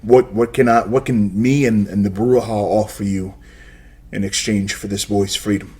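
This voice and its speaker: A man voicing a big, muscular, older vampire sheriff who speaks forcefully and angrily in a tabletop game. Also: on the low side, fairly even intonation, moderate pace, husky. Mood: angry.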